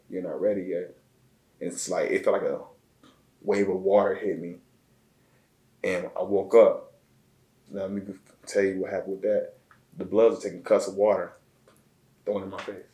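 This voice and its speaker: A man from Chicago, a guest telling a personal story in a halting, emotional way, often repeating words. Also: low-pitched, warm tone. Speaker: interview guest. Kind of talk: casual storytelling. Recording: echoey room.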